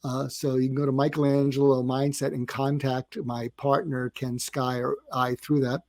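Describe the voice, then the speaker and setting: Older male psychiatrist guest, mid-pitch, dry close sound, rambling anecdotal delivery. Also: level tone, moderate pace, a little mellow, no echo. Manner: meandering, filler-heavy, acts out quoted dialogue. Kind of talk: storytelling in a podcast interview.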